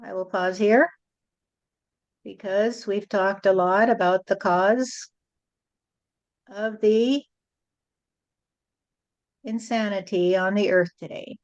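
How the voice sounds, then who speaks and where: A woman speaking as a spiritual channel, delivering a message in a slow, repetitive, rhyming preaching cadence. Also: mid-range voice, darkish tone. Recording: dull lo-fi recording.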